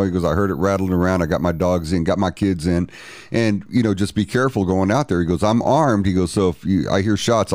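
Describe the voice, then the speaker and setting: Man with a really deep voice telling a story plainly, dry sound. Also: a little mellow, no room sound. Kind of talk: casual storytelling chat.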